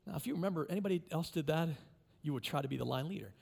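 A man preaching a sermon as pastor, animated and emphatic, with repeated phrases. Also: on the high side, rapid-fire, creaky, slightly rough.

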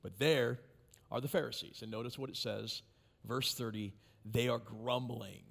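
A man preaching a sermon as pastor, animated and emphatic, with repeated phrases. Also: mid-range voice, normal speed, creaky.

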